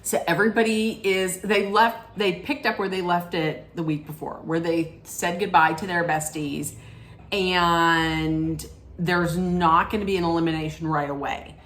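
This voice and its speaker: A middle-aged woman recapping a reality show in a casual, rambling way, often correcting herself mid-sentence and throwing in animated asides. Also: on the low side, measured pace. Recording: echoey room with faint ambience.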